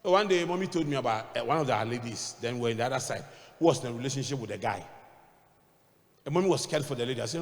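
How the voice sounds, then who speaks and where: A man with a Ghanaian accent preaching a sermon as a bishop, switching between English and Twi and swinging between shouting and quiet asides. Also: medium pitch, lively intonation, fast talker. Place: church hall. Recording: long reverb of a church hall.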